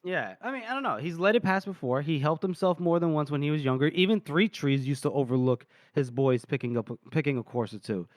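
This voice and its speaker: A man's voice: fairly high pitch, lively intonation, brisk, hardly any pauses, no echo, studio quality. A man co-hosting a podcast, recapping a book chapter in loose, rambling casual chat, full of fillers and the odd swear word. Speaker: podcast co-host.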